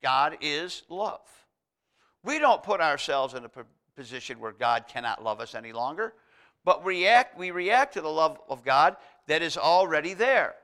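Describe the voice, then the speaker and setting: A man's voice: on the high side, big pitch swings, normal speed, sharp tone. A man preaching a sermon, reading scripture aloud and driving his points home with repeated contrasts. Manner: emphatic, repetitive contrasts, reads scripture aloud.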